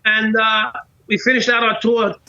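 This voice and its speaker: A middle-aged man tells a story as a podcast guest, animated and profane, acting out both sides of the dialogue. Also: high voice, normal speed. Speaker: podcast guest, former police officer. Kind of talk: casual storytelling in conversation. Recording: dull lo-fi podcast audio.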